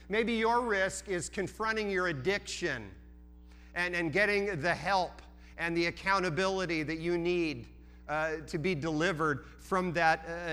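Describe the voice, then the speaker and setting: Bright, high-voiced male preacher. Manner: earnest, repeats words, many restarts and fillers. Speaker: pastor. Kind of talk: sermon.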